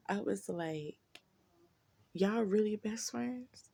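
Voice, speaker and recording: A woman spins a profane, animated storytime for her viewers, calling them y'all. Her voice is dark and gravelly, with plenty of vocal fry. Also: mid-range voice, slow. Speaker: YouTuber telling a story. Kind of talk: casual storytime vlog.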